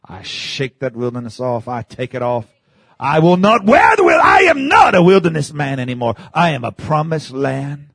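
A man's voice: medium pitch, a little mellow, no echo. A man preaching a sermon with fervent, emphatic delivery and repeated phrases.

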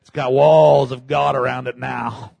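A man preaching a sermon, dropping to low murmurs and rising to shouted peaks, leading the congregation in call and response. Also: fairly even intonation, measured pace, gravelly, dry recording, highs cut off. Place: church.

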